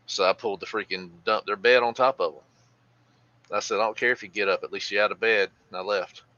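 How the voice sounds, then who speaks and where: A deep-voiced man with a bright edge, telling blunt stories from his police days. The recording sounds a bit dull and lo-fi. He keeps a casual podcast chat going. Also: fairly even intonation, quick pace. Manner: storytelling, blunt, mild cursing. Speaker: podcast co-host, former police officer.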